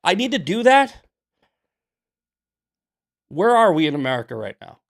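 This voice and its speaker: A man's voice: high voice, very animated, moderate pace, creaky. A young man hosting a political livestream, arguing heatedly with his chat in a combative, ranting way. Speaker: political commentator and show host. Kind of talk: livestream commentary answering chat.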